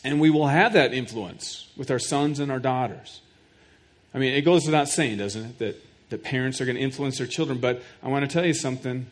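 A man's voice: medium pitch, brisk. A middle-aged man preaching a sermon to his congregation. He talks earnestly, often repeats a word as he builds a point, and puts questions straight to his listeners. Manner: speaks directly to the congregation with questions. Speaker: pastor.

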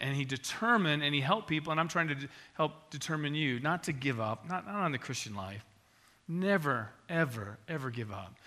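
Male pastor, bright, forceful tone, emphatic and repetitive, sermon into prayer. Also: fairly high pitch. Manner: emphatic, repetitive exhortation with sudden swells in volume.

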